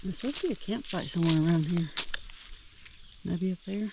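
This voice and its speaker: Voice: medium pitch, fairly quick, creaky, noisy background. Hiker vlogger, casual trail chatter, rambling and thinking aloud, outdoors in the forest, faint bugs in the background. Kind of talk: casual trail vlog narration. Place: outdoors in the woods by a creek.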